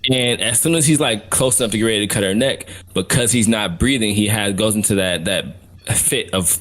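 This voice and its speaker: Man, podcast co-host, casual anime discussion, enthusiastic recaps, low voice. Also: fairly quick, fairly bright tone. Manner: enthusiastic, detailed recapping with many fillers.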